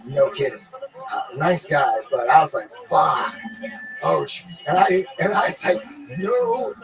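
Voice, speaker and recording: A man's voice: a little high, sing-song, unhurried, gravelly, over music, poor audio. Profane rambling man telling a story. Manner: profane, rambling, laid-back. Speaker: podcast guest. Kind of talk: casual crude storytelling.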